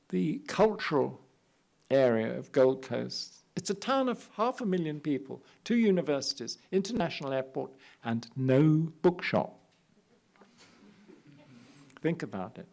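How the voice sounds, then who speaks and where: A man's voice: fairly high pitch, a little mellow. An older man with a British accent giving an architecture lecture in a hall, full of wry, self-deprecating anecdotes. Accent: British English. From England. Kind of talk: public lecture with slides. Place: lecture hall at an art academy.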